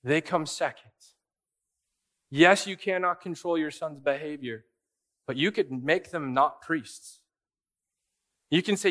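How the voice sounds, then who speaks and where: Animated man preaching a casual sermon. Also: fairly high pitch, unhurried, long pauses. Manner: conversational, acts out quoted voices, emphatic. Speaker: pastor.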